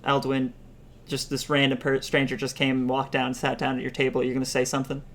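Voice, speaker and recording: A man's voice: medium pitch, monotone, quick pace, a bit bright, a little hiss or hum. A man running a tabletop game as game master, chatty and rambling, laughing often.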